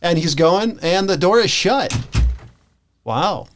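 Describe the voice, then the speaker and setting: A man's voice: high-pitched, animated, slow pace, slight background noise. A man co-hosting a podcast in casual chat, dry and wry, bringing up bits of trivia. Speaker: podcast co-host.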